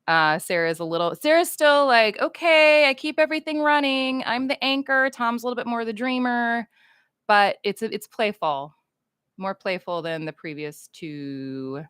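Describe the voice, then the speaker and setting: A woman's voice: on the high side, moderate pace, fairly bright tone, clean tone, no echo, studio quality. A woman from the United States, chatting casually on a livestream with fans, goofy and rambling as she reads chat comments aloud.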